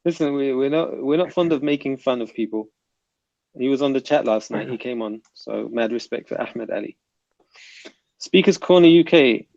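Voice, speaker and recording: Male streamer-host, gravelly, dry and muffled online audio, reads the chat aloud and banters. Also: medium pitch, normal speed, darkish tone, no room sound. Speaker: livestream panel host reading chat. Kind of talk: casual livestream chat.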